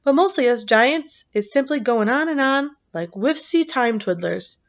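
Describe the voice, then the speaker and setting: A big, gentle old giant from a storybook, booming out his tangled grammar in slow, drawn-out words, as a woman reads him aloud. The voice sits fairly high for a giant, and the recording sounds dull and lo-fi. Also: lively intonation. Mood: earnest. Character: huge kindly old male giant, muddled speech.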